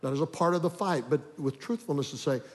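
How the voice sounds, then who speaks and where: A man's voice: fairly high pitch, fast. An older man telling an earnest, story-driven sermon about marriage. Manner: earnest, acts out inner thoughts in story. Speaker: preacher on marriage. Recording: long reverb of a large hall.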